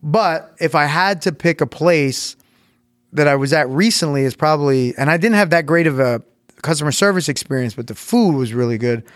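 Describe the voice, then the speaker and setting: A man's voice: a little high, normal speed, dry recording, studio quality. A man, a podcast host talking casually, rambling and swearing. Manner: rambling, profane storytelling. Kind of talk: casual chat.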